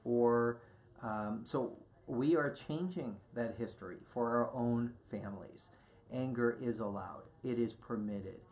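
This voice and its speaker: A man's voice: medium pitch, a little slow, darkish tone. Brief: man, mid-range voice, affirming co-host who drives points home and speaks directly to the audience. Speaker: co-host, parenting doctor. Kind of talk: casual educational chat.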